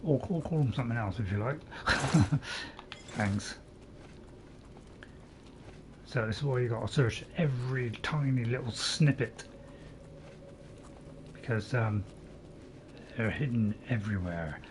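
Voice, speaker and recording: Over a noisy background, a man casually commentates his own game playthrough in a let's play, chatty and joking, teasing himself and trying out silly voices. His medium-pitched voice has lively intonation, an unhurried pace and long pauses.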